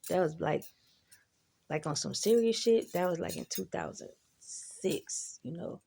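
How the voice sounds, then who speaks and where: Woman just chatting to camera, slow drawl, lots of fry in the voice, cusses a lot and goes off on tangents. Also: lowish voice, lively intonation, dark tone, slight background noise. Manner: laid-back, swears freely, rambling asides. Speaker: vlogger. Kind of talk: casual storytelling.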